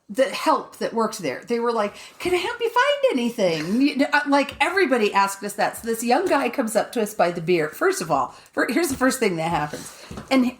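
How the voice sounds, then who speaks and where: A woman co-hosting a podcast, telling a story in casual chat, swearing freely and laughing often. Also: fairly high pitch. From Colorado, USA. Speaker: podcast co-host.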